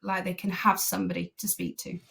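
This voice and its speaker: A woman driving instructor talking as a guest on a podcast, earnest and enthusiastic, with many pauses and ums. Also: on the low side, little pitch movement, creaky, bright, forceful tone. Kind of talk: casual podcast conversation.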